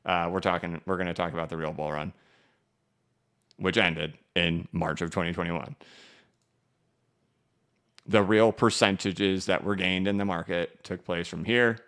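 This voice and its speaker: Deep gravelly chatty streamer man. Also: steady tone, unhurried, pauses often, fairly bright tone. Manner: chatty and joking, many fillers, reacts to viewer comments. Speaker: crypto livestream host. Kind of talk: casual live-stream chart commentary, reading chat.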